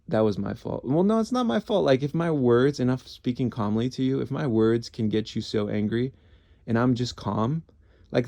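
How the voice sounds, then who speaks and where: A man's voice: medium pitch, creaky, warm tone, dry recording. A man in his thirties, a former police officer, telling rambling stories in casual chat, swearing and putting himself down, with many restarts. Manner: rambling, swearing, self-deprecating with frequent restarts. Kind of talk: casual storytelling.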